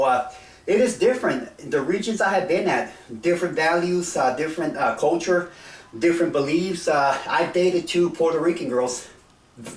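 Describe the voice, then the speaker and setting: A man's voice: on the high side, recorded from a distance. A middle-aged man from South Texas, talking casually to camera in a rambling, hesitant way with many fillers and restarts. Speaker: vlogger. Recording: roomy sound, set back from the mic.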